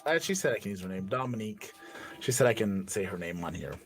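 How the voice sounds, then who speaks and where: A man hosting a casual comedy podcast who talks in animated, joking bursts. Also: on the low side, fast talker, soft background music. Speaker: podcast host.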